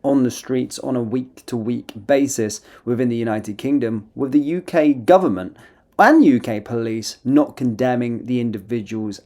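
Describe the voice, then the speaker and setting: A man's voice: medium pitch, darkish tone. A man giving opinion commentary to his viewers, insistent and repetitive in his phrasing. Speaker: political commentator.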